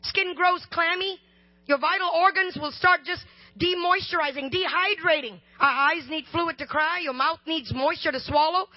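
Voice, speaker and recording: A woman preaching a sermon, chatting and joking before rising into loud, slow shouted lines. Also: extremely high pitch, no room sound. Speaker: guest preacher. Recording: slightly dull, dry sound.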